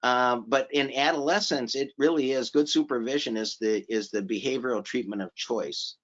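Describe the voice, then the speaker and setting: Guy lecturing casually at a seminar, keeps repeating stuff for emphasis, middle pitch, kinda muffled audio. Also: normal speed, a bit bright. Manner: informal, repeats phrases for emphasis, asks the audience questions. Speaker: seminar presenter. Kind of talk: conversational lecture. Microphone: remote conference audio. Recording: slightly dull audio from a virtual conference.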